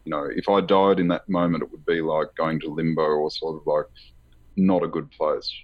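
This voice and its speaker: A man being interviewed about his book, telling a personal story in a halting, rambling way with many fillers and nervous laughs. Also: extremely low pitch, steady tone, highs cut off. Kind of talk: candid conversational storytelling.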